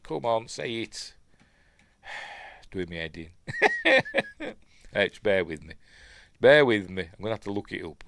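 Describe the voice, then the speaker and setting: Chatty Yorkshire man with a low voice. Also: wildly swooping pitch, unhurried, vocal fry, long pauses, pushed and bright, dry recording, clean studio sound. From Yorkshire, England. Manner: chatty, muttering asides under his breath. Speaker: film review host. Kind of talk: live film commentary.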